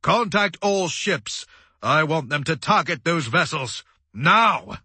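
A man voicing an imperious male fleet commander who barks sharp demands in an audiobook. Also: a little high, expressive, slow pace, gravelly, husky, no echo, heavily acted. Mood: commanding.

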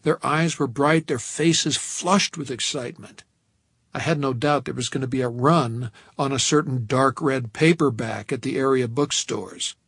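A man narrating an audiobook in a wry, measured storytelling manner, recorded close to a studio microphone. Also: medium pitch, a bit bright, breathy edge, no echo.

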